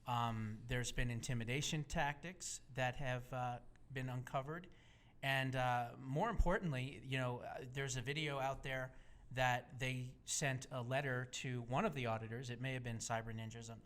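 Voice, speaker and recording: A man's voice: mid-range voice, fairly bright tone. A man with a mid-range voice talks as a guest on a radio discussion show. He presses his points hard and insistently, and he scatters filler uhs between his phrases.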